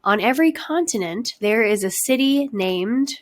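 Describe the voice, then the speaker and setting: A woman's voice: on the high side, lively intonation, normal speed. A woman hosting a casual family podcast and reading out trivia questions in an upbeat, playful way. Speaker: podcast host.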